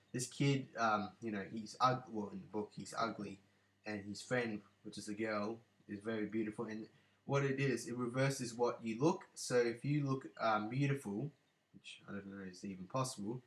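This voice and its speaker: A man chats casually to his viewers, rambling along with lots of fillers and repeated apologies. His voice sits at a middling pitch. The recording bounces around an echoey room. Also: fairly bright tone. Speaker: book collection vlogger. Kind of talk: casual vlog.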